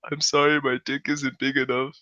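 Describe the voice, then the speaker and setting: A man's voice: a little high, brisk, bright, forceful tone, breathy edge, no echo, voice pushed up, full character voice. Man putting on a whiny drunk student with an Indian accent. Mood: sorry. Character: drunk, whiny young male student friend.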